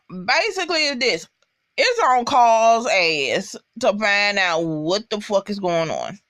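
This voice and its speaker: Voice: mid-range voice, bright, forceful tone. A young adult recapping a TV episode in a casual, profane, emphatic way, talking straight to viewers.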